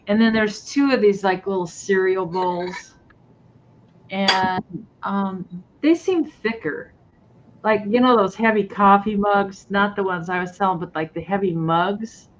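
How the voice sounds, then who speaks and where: A woman's voice: medium pitch, a little slow. Woman seller, chatty and rambling; muffled lo-fi audio, faint hiss. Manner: chatty, rambling, many fillers. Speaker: live sale seller. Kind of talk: casual live sale chat. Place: at home near the kitchen.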